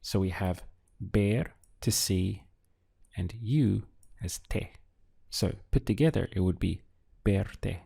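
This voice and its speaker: A man teaching a Spanish lesson, patient and clear, repeating and spelling words slowly. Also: low-pitched, warm tone. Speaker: Spanish tutor. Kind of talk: slow, clear language lesson.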